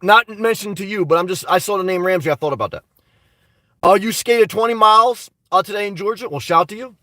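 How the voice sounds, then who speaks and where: A high-pitched man talks casually to his live-stream viewers, rambling as he reads their comments back and answers them bluntly. A dry cough keeps breaking through. The sound is dry, with the mic set a little away from him. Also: fairly quick, pushed and bright, no echo, far from the mic. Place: inside a car.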